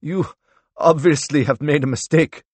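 A man's voice: fairly high pitch, moderate pace, husky, no echo, pitched above the performer's own voice. A frail, agitated old man pleads and protests in a raised, strained voice, as a male narrator puts him on. The recording is dry and close. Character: frail older German man in wheelchair, protesting.

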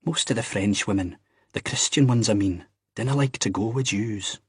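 A man's voice: fairly low pitch, moderate pace, husky, no room sound, clean studio sound. A man voicing a blunt, teasing young man with a Scottish accent.

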